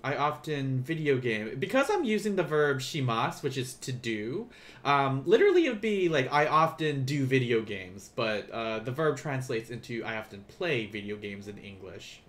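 A man's voice: mid-range voice, big pitch swings, normal speed, fairly bright tone. A man teaching a beginner language class on a live stream, asking the chat questions and encouraging them to try.

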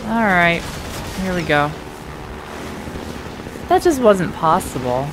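A woman giving casual let's play commentary, chatty and teasing the enemies, her voice slightly hoarse. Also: on the low side, sing-song, slow pace, noisy background. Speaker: gamer playing a shooter.

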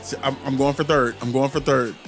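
A man giving excited, trash-talking commentary while playing a baseball video game, talking straight to his viewers. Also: medium pitch, fairly quick, music in the background.

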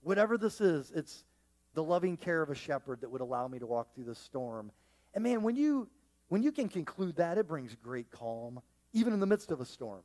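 At normal speed, a high-voiced pastor gives a spirited sermon in church, animated and full of jokes and riffs. His volume swings between near-hushed passages and loud bursts as he addresses the congregation.

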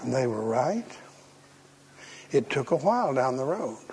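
A man's voice: mid-range voice, very animated, a little slow, a little mellow, a little hiss or hum. A man preaching a folksy, humorous sermon and acting out the voices he quotes. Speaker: pastor.

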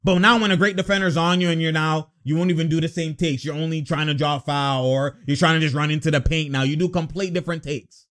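A man with a high voice reacts to a basketball game in loose, slangy chat. He laughs a lot, shouts at the plays, then rants at length about a player. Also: fast talker, hardly any pauses. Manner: excitable, slangy, laughs often, yells at plays. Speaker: sports reaction vlogger. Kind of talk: casual live game reaction and rant.

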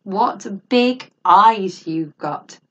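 A woman voicing a polite but bold little girl in a read-aloud storybook, with a bright, high voice. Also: animated, extremely slow, dull audio. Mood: curious.

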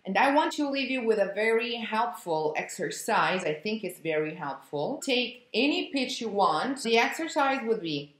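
A woman, an opera diction coach teaching vowels slowly and demonstrating each sound. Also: on the high side, very animated, fairly bright tone. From Italy. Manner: slow, deliberate, sings out example vowels. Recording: echoey room.

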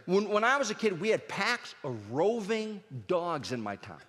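A middle-aged man from Pennsylvania telling comic stories on stage, jumping up high and loud when he acts out his dad. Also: normal speed, big-room sound. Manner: animated, shouts his dad's lines in a high voice. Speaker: stand-up comedian. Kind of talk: storytelling stand-up comedy.

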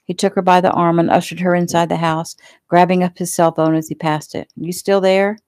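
A woman author reading her own novel aloud in a relaxed, homey way. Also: on the low side, a little fast, no echo, studio quality. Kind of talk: casual audiobook narration.

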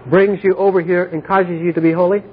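A man's voice: sits high, level tone, fairly quick, slight background noise. A man leading an informal Bible study, explaining earnestly and often asking whether his listeners understand. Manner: earnest, repetitive explaining with frequent checks for understanding. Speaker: Bible teacher. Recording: tinny phone-like audio.

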